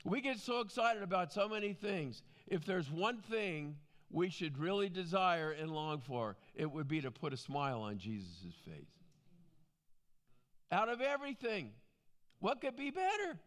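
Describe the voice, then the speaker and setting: A man's voice: high-pitched, big pitch swings, a little slow, a bit bright. A man teaching from the Bible in a conversational preaching style, with frequent asides.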